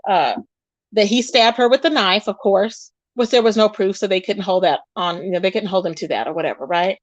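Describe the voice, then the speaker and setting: Woman host, AAVE, animated commentary, higher voice, dry close sound. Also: no room sound, rough recording. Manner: animated retelling, quotes others in raised voice, addresses viewers directly. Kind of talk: casual commentary livestream.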